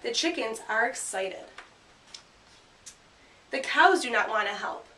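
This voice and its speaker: A woman teacher giving a grammar lesson and reading a picture book aloud, speaking clearly and punching out the sound words. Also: fairly high pitch, animated, takes it slowly, bright, forceful tone. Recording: roomy sound from a distant mic.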